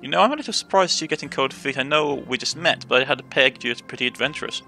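A man's voice: mid-range voice, quick pace, gravelly, sharp tone, soft background music. A man with a Cornish accent voicing a bold, adventurous young woman who hunts monsters, talking in a chatty, reassuring way with stumbling restarts.

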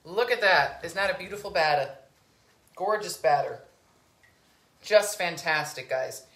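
Woman, cooking show host, gushing, bright, slightly low-pitched, echoey home kitchen. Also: animated, measured pace. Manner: gushing, calls viewers sweetheart and lovies. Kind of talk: casual cooking demo chat.

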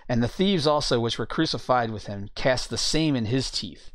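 A man giving an informal Bible teaching, reading scripture passages aloud and pausing to look up verses as he goes. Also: medium pitch, no echo, clean studio sound. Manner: reads scripture aloud, searching for verses mid-talk.

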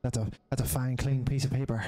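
A man's voice: mid-range voice, fast talker. A man casually commenting on a game with a friend, jokey and crude. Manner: jokey, animated, crude humor. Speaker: let's play gamer.

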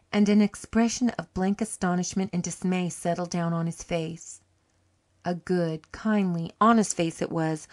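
A woman narrating an audiobook short story in a calm, measured storytelling manner. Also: fairly low pitch. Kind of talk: scripted narration.

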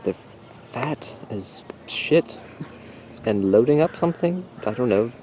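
A man's voice: medium pitch, expressive, slow, darkish tone. A man filming outdoors and narrating a mock nature documentary in a mock-serious, crude, rambling way. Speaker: narrator and camera operator. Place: outdoors in a neighborhood. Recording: outdoor camcorder audio with clear background noise.

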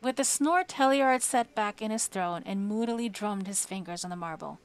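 A woman narrating a fantasy novel on a live stream in a measured, dramatic reading voice. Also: mid-range voice, clean tone. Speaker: audiobook reader on a live stream. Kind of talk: audiobook narration. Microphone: home streaming microphone.

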